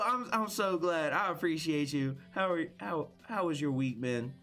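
With soft music in the background, this young man's voice is on the high side and fairly bright, at a normal pace. He hosts viewer tournaments on a live gaming stream, greeting chatters by name with upbeat hype, repeating himself and apologizing frequently.

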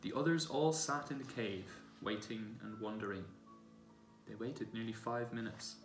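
A man gently reading a children's novel aloud in a church, recorded from a distance. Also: lowish voice, moderate pace, soft background music. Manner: gentle storytelling. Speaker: reader. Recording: echoey church room, distant mic.

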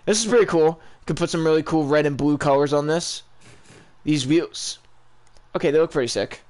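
A young man giving casual, rambling live reactions to video game items, excitable and full of ums. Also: fairly high pitch, normal speed. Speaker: gaming YouTuber.

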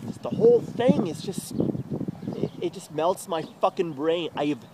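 Agitated young man ranting, lively pitch. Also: unhurried. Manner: bitter, agitated, heavy swearing. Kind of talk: profane confessional rant. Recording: noisy recording.

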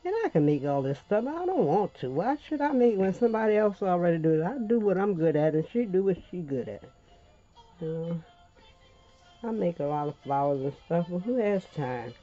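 A woman's voice: on the low side, sing-song, moderate pace, mellow, muffled recording, soft background music. An older woman with a Louisiana accent hosting a chatty crafting tutorial, folksy and rambling, calling viewers honey.

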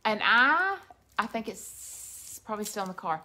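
Slow, drawling woman. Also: mid-range voice, very animated, sharp tone, a little hiss or hum. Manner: slow, drawling storyteller, laughs often. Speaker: co-host, mother. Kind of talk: casual chat on a live stream.

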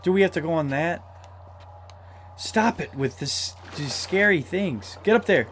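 A man playing a horror puzzle game as a let's-play, easily startled, yelling when scared and talking himself through the tense parts. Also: a little high, unhurried, a little hiss or hum. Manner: excitable, shouts in fright, talks himself through scares. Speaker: gamer.

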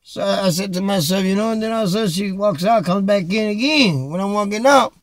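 A middle-aged man casually telling a funny story to his viewers, animated, dropping Spanish phrases and saying "man" a lot. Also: high-pitched, a little fast, no room sound. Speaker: vlogger. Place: Chicago.

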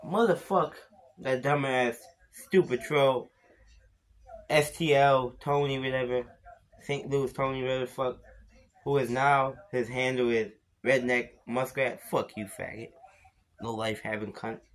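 A tipsy man rambles at the camera in a home-made vlog. His talk is slurred and full of curses, and he lurches between grumbling and sudden bursts of yelling. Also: mid-range voice, fairly even intonation, measured pace. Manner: slurred, profane and insulting, with sudden shouts. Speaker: beer vlogger. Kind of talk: rambling profane vlog rant.

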